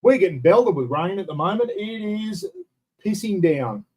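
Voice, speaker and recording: A man's voice: high-pitched, animated, moderate pace, husky, low-quality recording. An older Australian man hosting a casual live stream from home, chatting loosely and greeting viewers by name over a built-in computer mic. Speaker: livestream host. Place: indoors at home. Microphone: computer's built-in microphone.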